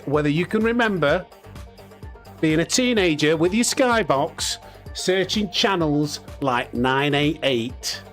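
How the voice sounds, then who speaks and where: A man in his thirties hosts a live gaming stream, chatting casually with viewers in a cheeky, jokey way and laughing often. His voice is high-pitched with a fairly bright tone.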